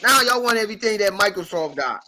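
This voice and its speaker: A man hosting a casual podcast, ranting in an animated, profane, repetitive way. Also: high-pitched, fast, noisy background. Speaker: podcast host.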